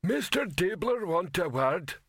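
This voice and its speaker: A man voicing a big, slow, dim-witted male troll with halting speech. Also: high voice, sing-song, fairly bright tone, breathy edge, no room sound, studio quality, pitched above the performer's own voice, exaggerated voice. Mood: menacing.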